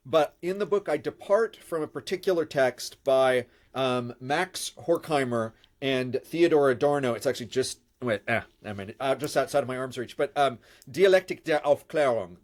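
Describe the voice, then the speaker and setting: A middle-aged man, a professor, answering interview questions at length, his voice nasal from a head cold and his speech measured and full of pauses. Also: medium pitch. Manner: measured, with frequent uh fillers. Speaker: guest, professor of religion.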